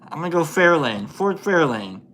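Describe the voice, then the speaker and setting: A man's voice: on the high side, big pitch swings, moderate pace, a bit bright, slight background noise. A man hosting a casual livestream, chatting with viewers while he paints, laughing often and thinking aloud with many fillers. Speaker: livestream host.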